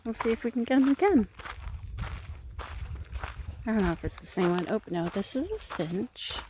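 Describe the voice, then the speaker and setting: A woman's voice: on the high side, big pitch swings, normal speed, long pauses, noisy background. A young woman talking casually and swearing freely as she films herself on an outdoor hiking trail, recorded on a handheld camera. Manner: chatty, swears freely, hushed whispering while filming wildlife. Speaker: vlogger.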